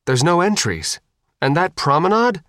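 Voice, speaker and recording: Man voicing steady young woman, calm and coaxing, lifted pitch, audiobook. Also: normal speed, no room sound, clean studio sound.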